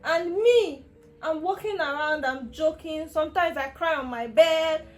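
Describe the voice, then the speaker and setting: Speaking unhurriedly in a high voice, a young adult Nigerian vlogger recounts her own health story to camera. Her telling is emotional and meandering, with many restarts.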